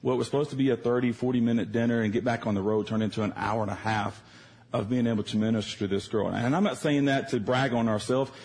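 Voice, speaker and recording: A man preaching a sermon in a church service, telling a personal story in a conversational, animated way. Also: mid-range voice, quick pace, slightly rough.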